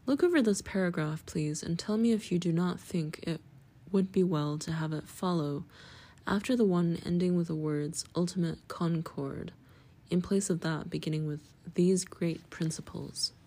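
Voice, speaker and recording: A woman reading the part of a cool, collected young woman who speaks briskly. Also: on the low side, warm tone. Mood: firm. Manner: brisk, impatient.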